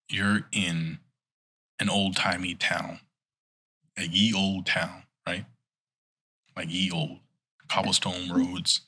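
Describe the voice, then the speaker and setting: A man's voice: low voice, flat delivery, slow pace, long pauses, bright, forceful tone, husky. A man in casual chat, telling a rambling, playful story as a podcast co-host.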